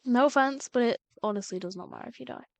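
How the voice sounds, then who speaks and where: A woman's voice: on the high side, fast, gravelly, no room sound. A young woman streaming a game live, chatty and exasperated, swearing at the game. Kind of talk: live gameplay commentary.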